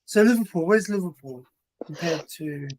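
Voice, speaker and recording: High-voiced Australian man hosting pub trivia. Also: normal speed, darkish tone. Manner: chatty, joking, easygoing. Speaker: host of a trivia livestream. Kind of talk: casual chat, quiz hosting.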